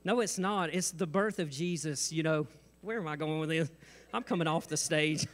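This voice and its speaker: A man's voice: fairly high pitch, normal speed. A man pastor preaching a sermon on stage, mixing humor and asides with mounting intensity. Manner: jokes and asides, rising intensity. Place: church stage.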